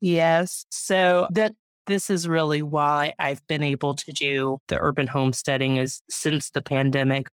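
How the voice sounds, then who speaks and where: A woman in her thirties, a guest, chatting proudly and warmly about her homestead and her family. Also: sits low, steady tone, measured pace, smooth, no room sound, studio quality. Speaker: guest, urban homesteader and mom. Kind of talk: casual interview chat.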